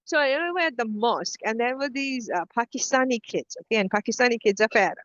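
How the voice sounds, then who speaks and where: A middle-aged woman co-hosting a podcast, telling stories in a casual, animated way with many restarts. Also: on the high side, fast talker, no echo, highs cut off. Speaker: podcast co-host. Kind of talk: casual conversation.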